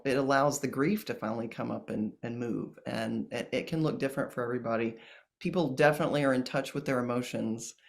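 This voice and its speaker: A medium-pitched man, a plant medicine ceremonialist, appears as a guest in a casual interview about ceremonies. He speaks gently and earnestly, with many pauses and restarts.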